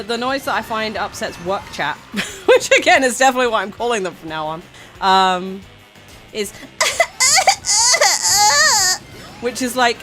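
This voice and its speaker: A woman's voice: medium pitch, a bit bright. A woman streamer chatting casually, rambling and giggling, with frequent stammering restarts. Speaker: VTuber streamer. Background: faint background music.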